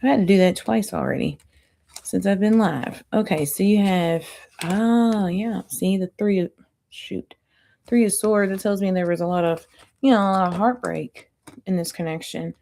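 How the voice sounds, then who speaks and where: A woman doing a chatty, rambling tarot reading, her voice going hoarse. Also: medium pitch, normal speed, dark tone. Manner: chatty, rambling, self-interrupting. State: losing her voice. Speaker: tarot reader.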